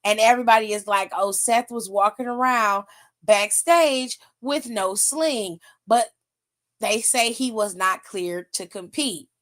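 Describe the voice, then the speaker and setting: A woman's voice: a little slow, fairly bright tone. A young adult woman hosting a wrestling aftershow, recapping it in a blunt, profane, exasperated rant. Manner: blunt, profane, exasperated, laughs and pitch jumps up when mocking.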